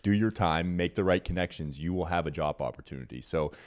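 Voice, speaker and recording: A man's voice: low voice, a little fast. A man co-hosting a podcast, talking politics in an indignant, emphatic way with some swearing. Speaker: podcast co-host. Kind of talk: casual political chat.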